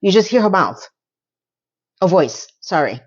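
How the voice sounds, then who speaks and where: A woman casually recapping a TV episode in a blunt, animated, swearing style. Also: on the low side, unhurried, husky, highs cut off. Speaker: TV recap vlogger.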